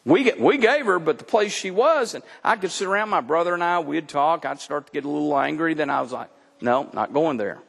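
A man's voice: a little high, fairly quick, gravelly, hardly any pauses, husky. A middle-aged man preaching a sermon as pastor, talking in a conversational, folksy way. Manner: conversational, folksy, animated with laughs. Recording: long hall reverb.

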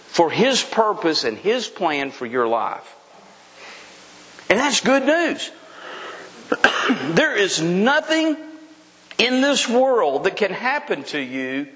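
A man preaching to his congregation in a high, lively voice that swoops up and down as he builds emphasis. He keeps turning to the room with direct questions. His words ring out with a long reverb, as in a large hall. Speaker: pastor. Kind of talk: sermon.

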